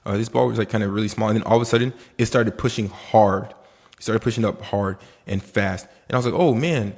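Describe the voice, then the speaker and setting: Gravelly low-voiced Haitian man. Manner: rambling, animated, quotes himself, swears casually. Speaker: options day trader vlogger. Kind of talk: casual trading recap vlog.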